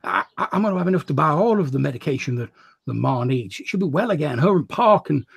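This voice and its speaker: A man's voice: animated, a little fast, gravelly, fairly bright tone, husky, no echo, exaggerated voice. A man voicing a nervous young hired hand who stammers and pleads urgently. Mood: anxious, pleading. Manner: stammering, pleading, rising anxious pitch.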